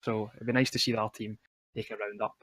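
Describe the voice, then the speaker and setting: A man's voice: lowish voice, flat delivery, fast, fairly bright tone, dry recording. A man casting a live online game tournament in a loose, rambling way, padding his talk with "you know", on a headset mic. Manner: laid-back, rambling, lots of "you know". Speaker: esports caster. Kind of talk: casual live game commentary.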